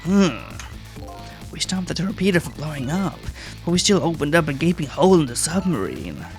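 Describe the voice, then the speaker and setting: A man's voice: a little high, very animated, moderate pace, faint music behind. Wry man streaming a game. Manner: reads game text aloud, swears casually, wry asides. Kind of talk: casual gameplay commentary.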